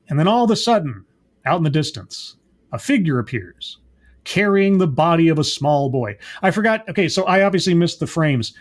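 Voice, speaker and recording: Sarcastic high-voiced man recapping. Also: animated, normal speed. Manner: sarcastic, exasperated, rambling. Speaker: show reviewer.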